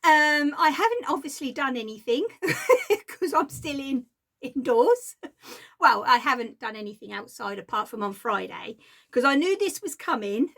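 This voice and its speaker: Chatty high-voiced woman from southeast England. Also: a bit bright. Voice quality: slightly croaky. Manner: chatty, laughing often, rambling. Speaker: craft podcaster. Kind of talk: casual chatty craft vlog.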